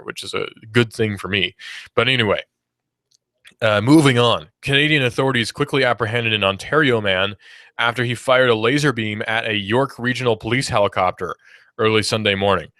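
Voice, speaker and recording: A man's voice: on the low side, pushed and bright, dry recording, studio quality. A young man from Georgia hosting a radio talk show, chatting casually about the station lineup and reading news with self-deprecating asides. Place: radio studio. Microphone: studio microphone.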